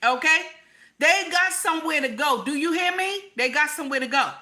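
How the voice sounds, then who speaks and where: Forceful, profane American woman ranting. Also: sits high, animated, normal speed. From United States. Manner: profane, emphatic, repeats her points. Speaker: livestream host. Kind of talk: live-stream rant to viewers.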